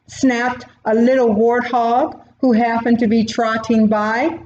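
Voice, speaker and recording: Lady reading a kids' story slow, kinda high voice, echoey dull sound. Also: level tone, a little mellow. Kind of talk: reading a children's storybook aloud. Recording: roomy, dull recording.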